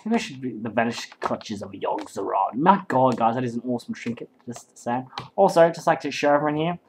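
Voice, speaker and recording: A man casting a game live, excitable and rambling, swearing constantly. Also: medium pitch, brisk, a little hiss or hum, rough recording. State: hyped up and sleep-deprived. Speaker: game caster.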